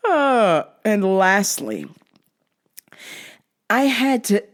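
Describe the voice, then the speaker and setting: A woman's voice: mid-range voice, wildly swooping pitch, drawn-out words, slight background noise. A young woman hosting her own show, ranting casually and comically, swearing freely and often breaking into laughter. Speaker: podcast host. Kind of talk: casual comedic rant.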